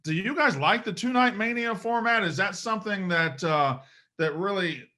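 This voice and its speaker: A man's voice: high voice, lively intonation, normal speed, bright, forceful tone. A man hosting a casual interview in a joking, self-deprecating way. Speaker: podcast host.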